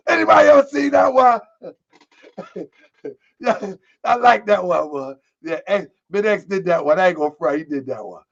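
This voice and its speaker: Man, high voice, heated repetitive rant, dull lo-fi sound. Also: lively intonation, normal speed, gravelly, a bit bright. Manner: repetitive, heated, laughing, calls the audience family. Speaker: online commentary host. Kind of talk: animated commentary rant.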